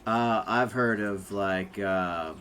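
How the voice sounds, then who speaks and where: A man joins a tabletop game in a laid-back, joking way. His voice is on the low side. A faint hiss sits behind him. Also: takes it slowly, fairly bright tone. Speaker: player. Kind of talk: casual tabletop play.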